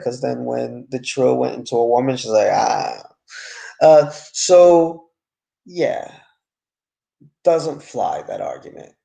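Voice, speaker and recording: A man's voice: medium pitch, creaky, dark tone. A man giving a casual, frank, rambling review of a TV series episode.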